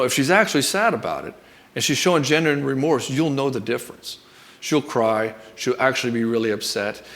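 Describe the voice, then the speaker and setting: A man in the role of a relationship coach talks straight to the camera. His advice is blunt and peppered with swearing, and he addresses the listener as "brother". His voice sits at an ordinary middle pitch. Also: fairly bright tone. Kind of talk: direct-to-camera advice monologue.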